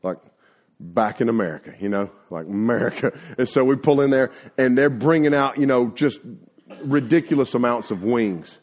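A man preaching a sermon to young people, telling homespun stories in a folksy, animated way full of filler words. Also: mid-range voice, moderate pace. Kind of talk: sermon with personal storytelling.

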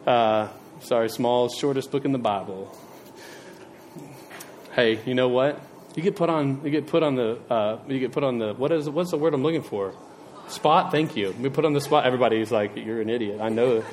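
A man's voice: mid-range voice, normal speed, slight background noise. A male preacher giving a casual sermon, chatty and rambling, with self-deprecating digressions and questions to the congregation. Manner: chatty, asks the audience questions.

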